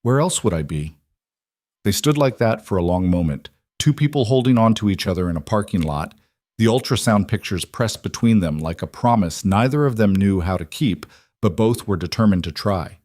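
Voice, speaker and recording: Low-voiced guy reading a drama story, steady and measured, super dry sound. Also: dry recording. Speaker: narrator. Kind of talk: scripted narration.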